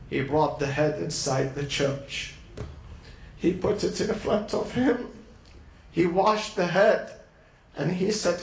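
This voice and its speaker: High-voiced man preaching a story, echoey. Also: creaky. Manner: dramatic, slows and drops low for emphasis. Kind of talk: emotional sermon storytelling.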